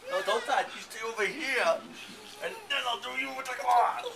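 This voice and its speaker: A man's voice: extremely high pitch, normal speed, gravelly, a crowd in the background. A father playing a game with his children, teasing them with mock threats in playful banter. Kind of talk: playful home-video banter.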